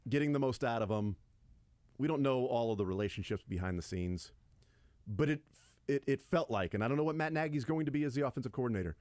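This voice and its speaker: Animated man hosting sports radio. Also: mid-range voice, fast, no echo. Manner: animated, slips into loud silly impressions. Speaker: radio sports talk host. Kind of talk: casual sports talk.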